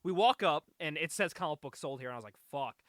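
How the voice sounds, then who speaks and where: Excitable man with a bright, high-ish voice. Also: fast, dry recording, clean studio sound. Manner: excitable, profane storyteller, laughs often. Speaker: podcast host. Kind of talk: casual chat.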